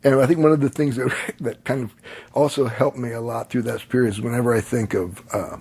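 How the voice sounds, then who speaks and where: A man's voice: medium pitch, a little fast, vocal fry, husky. An older man telling a long personal story in casual conversation, laughing often and acting out the voices of the people in it. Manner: animated, acts out voices in his stories, laughs often. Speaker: podcast guest.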